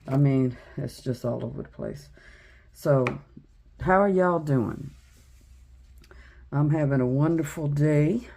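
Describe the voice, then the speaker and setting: Middle-aged craft vlogger, dark gravelly voice, flat rambling chat full of ums. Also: female voice, rumbling low, slow pace, pauses often, a little hiss or hum. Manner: chatty storytelling with many ums.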